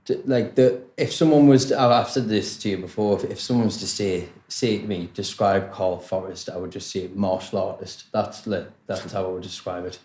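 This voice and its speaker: Low-voiced host. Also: male voice, fairly even intonation, normal speed, few pauses, darkish tone, reverberant. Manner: encouraging, frequent "mm-hmm" and "aye". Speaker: podcast host. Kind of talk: casual interview.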